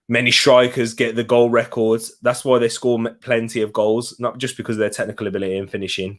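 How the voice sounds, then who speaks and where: A young man with a light Birmingham accent, chatting casually and excitedly through a live football watch-along stream and reacting to viewers' comments. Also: lowish voice. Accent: Birmingham English.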